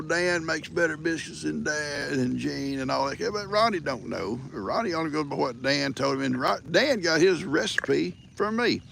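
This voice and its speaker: Older man, gravelly, slightly high voice, folksy teasing host. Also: a bit bright, slight background noise. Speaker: livestream host. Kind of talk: casual rambling storytelling.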